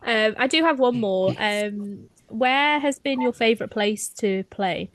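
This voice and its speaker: A woman's voice: a little high, a little slow, no echo. A woman co-hosting a casual podcast, asking questions and laughing often. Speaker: podcast co-host.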